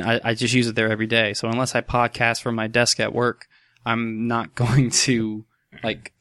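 A man on a podcast, animated and laughing as he tells stories, talking over the others, recorded on a USB microphone. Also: mid-range voice, no room sound, clean studio sound. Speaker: podcast co-host. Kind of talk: casual podcast chat.

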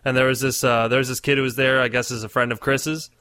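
A man's voice: medium pitch, little pitch movement, quick pace, sharp tone, clean tone. A man co-hosting a casual gaming podcast, telling rambling stories in a laid-back way. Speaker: podcast co-host. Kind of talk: casual chat.

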